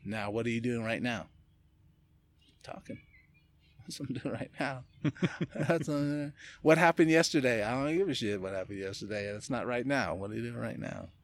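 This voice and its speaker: A man guest on a podcast, talking in a casual chat, telling animated stories with laughs and casual swearing. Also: medium pitch, normal speed, pauses often. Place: indoors, casual setting with a beer.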